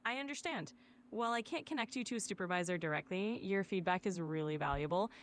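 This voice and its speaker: A woman's voice: medium pitch, animated, quick pace, a little hiss or hum. A woman voicing a polite AI assistant. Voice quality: polite, soothing, evenly friendly. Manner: claims a Southern drawl with pet names. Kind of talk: scripted assistant chat.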